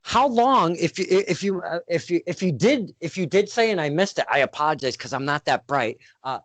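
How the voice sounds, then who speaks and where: A man's voice: high voice, dry recording. A man hosting an interview over a video call, rambling and self-deprecating in his questions. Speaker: interviewer and host. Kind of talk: casual interview.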